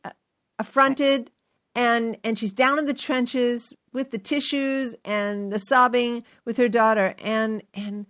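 An older woman hosting a conversational interview, asking engaged questions and giving lively examples. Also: fairly high pitch, takes it slowly. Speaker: interview host.

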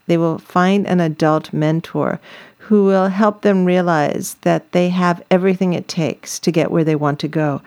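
A woman's voice: lowish voice, darkish tone. A woman interviewing a guest, encouraging and reflective.

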